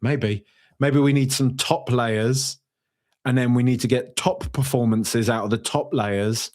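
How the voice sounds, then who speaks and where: A man hosting a fan podcast, reading out viewer comments in a jokey, rambling way with sudden high-pitched outbursts. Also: steady tone, measured pace, a little mellow. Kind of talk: casual live-stream chat.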